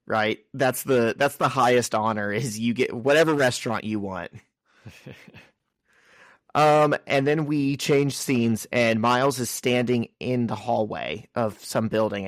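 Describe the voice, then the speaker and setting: Male podcast co-host, lively storyteller, mid pitch, dry close sound. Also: no echo. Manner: animated storytelling, acts out characters' lines in quick asides. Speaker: podcast co-host recapping comics. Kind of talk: casual chat.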